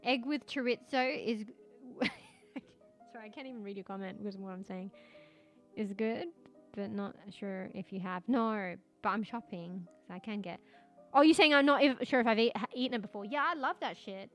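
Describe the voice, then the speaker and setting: A streamer chats with her viewers over soft background music, reading chat messages and search results aloud at a normal speed. She giggles often, swears freely, and repeats words while trying out how to pronounce them. Her voice is mid-range.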